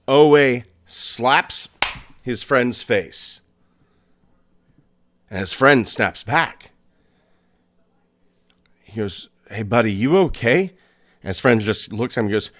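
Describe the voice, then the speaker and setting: A man hosting a podcast, narrating a scary story in a suspenseful way, with pauses and restarts. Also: medium pitch, a bit bright. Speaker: podcast host.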